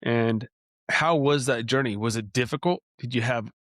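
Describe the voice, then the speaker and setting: A man with a mid-pitched voice asks relaxed follow-up questions in a casual interview. The sound is dry and close, with no room echo. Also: moderate pace. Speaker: podcast co-host asking questions.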